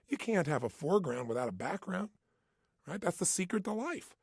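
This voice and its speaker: A man's voice: high-pitched, very animated, fast talker, gravelly, darkish tone, no echo, studio quality. A man giving an intense, emphatic motivational talk, hammering points with punchy repetition. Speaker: motivational speaker. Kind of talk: motivational self-help talk.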